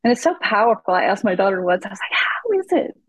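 A woman, a parent coach and therapist, talking in a lively way as a podcast guest and acting out dialogue from her own stories. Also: mid-range voice, rapid-fire, no echo. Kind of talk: conversational podcast storytelling. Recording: slightly dull, muffled audio.

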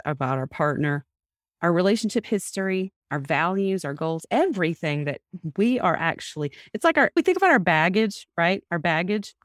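A woman's voice: on the low side, no room sound, clean studio sound. A woman hosting a podcast, coaching a couple step by step and repeating back what she hears from them. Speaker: couples therapist and podcast host.

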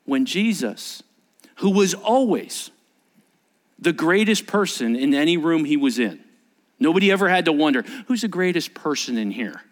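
A man's voice: fairly high pitch, big pitch swings, normal speed. A man preaching a sermon as a pastor, talking conversationally, asking rhetorical questions and acting out quoted speech. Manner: acts out quoted speech in varied voices.

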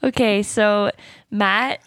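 A woman's voice: mid-range voice, steady tone, takes it slowly, a bit bright, clean tone, dry recording, clean studio sound. A woman co-hosting a podcast in casual chat, playful and full of questions. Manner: playful, laughs often, asks lots of questions. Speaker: podcast co-host.

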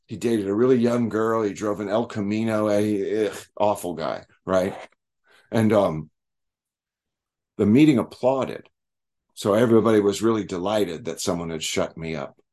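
A man's voice: lowish voice, lively intonation, normal speed, a little mellow. A man telling his own recovery story to a group, candid and profane, acting out the people he quotes.

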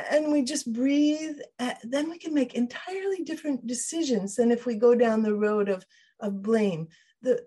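A woman's voice: a little high, dark tone, breathy edge. A woman guest on an interview podcast, explaining ideas thoughtfully with frequent restarts and quoted inner voices. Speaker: podcast guest, emotional wellbeing trainer.

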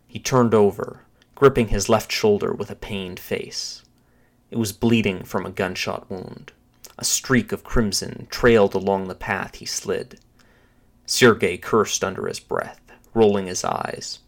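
Gravelly low-voiced male story narrator. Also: fairly even intonation, measured pace.

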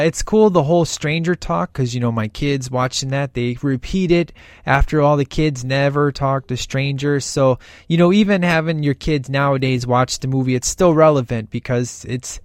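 A man chatting about a film in a loose, enthusiastic ramble, full of ums and asides. His voice sits at an ordinary middle pitch. The sound is dry and close, with no room around it. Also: moderate pace, no echo. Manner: rambling and enthusiastic, many fillers. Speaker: podcast host reviewing a film. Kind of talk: casual movie commentary.

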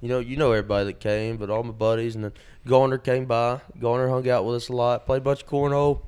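A man's voice: mid-range voice, level tone, a little mellow, clean tone. A man, co-hosting a podcast and telling rambling stories with plenty of fillers. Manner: rambling, drawn-out storytelling with many fillers. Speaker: podcast co-host. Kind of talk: casual storytelling chat.

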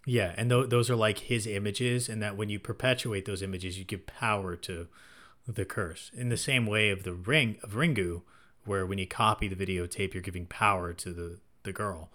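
A man's voice: on the low side, fairly even intonation, normal speed, fairly bright tone. A man co-hosting a casual film discussion, eager and often restarting his sentences. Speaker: podcast co-host.

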